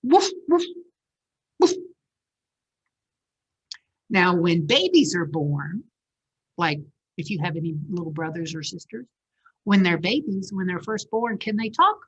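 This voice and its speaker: A woman's voice: lowish voice, normal speed, slightly rough, highs cut off. A woman librarian reading a picture book aloud at a children's story time, asking the kids questions as she goes. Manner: animated, asks the children questions.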